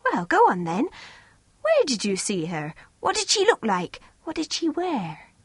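A woman voicing a bold, nosy schoolgirl who talks in an eager, high, pushy way. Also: wildly swooping pitch, measured pace, no echo, heavily acted.

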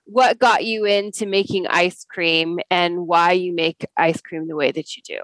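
A woman's voice: lowish voice, steady tone, unhurried, a bit bright, no echo, low-quality recording. A woman hosting a casual interview, asking open questions in a friendly way. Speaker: interviewer, host.

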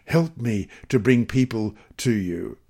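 An earnest, devout husband, praying and pleading in a lively, rising-and-falling voice, as a man reads his words. He talks at a middle pitch with plenty of movement. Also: takes it slowly, gravelly, breathy edge, exaggerated voice.

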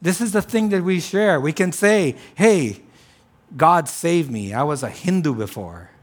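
A man preaching a sermon, swinging between loud exclamations and low, quiet stretches, with frequent "right?" asides and restarts. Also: lively intonation, normal speed. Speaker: pastor.

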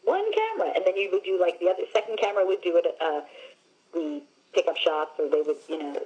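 A woman's voice: on the low side, very animated, fast talker, a little mellow, dull audio. A woman actress from Long Island, telling stories animatedly in a casual interview, with frequent "like" and "you know". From Long Island, New York. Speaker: actress, guest.

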